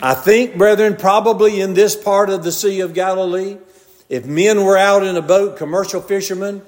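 Older male preacher, Southern drawl, fairly high voice, homely down-to-earth delivery with a long church echo. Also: steady tone, moderate pace. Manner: homely storytelling, repeatedly addressing "brethren". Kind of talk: folksy conversational sermon. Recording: long reverb of a large hall.

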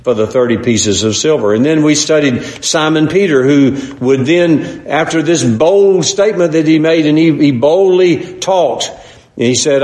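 A man's voice: on the high side, normal speed, a little mellow, reverberant. A man preaching a sermon, earnest and repetitive, often calling his listeners brethren. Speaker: pastor.

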